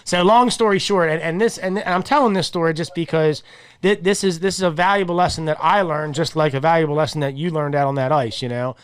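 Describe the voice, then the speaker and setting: A man hosting a podcast, telling a long story in a rambling, animated way, often repeating words and chuckling mid-sentence. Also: fairly high pitch, quick pace, smooth. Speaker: podcast host. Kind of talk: casual chat.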